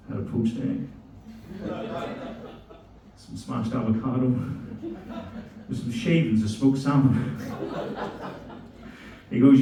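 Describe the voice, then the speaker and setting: A man tells crude, animated stories on a club stage. His voice is mid-pitched and carries a strong room echo. It sounds like it was caught from a distance, with faint ambience behind it. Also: slow, creaky, pauses often, a crowd in the background. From Belfast, Northern Ireland. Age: 40s. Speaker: stand-up comedian. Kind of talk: stand-up comedy. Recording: echoey club room, mic from far.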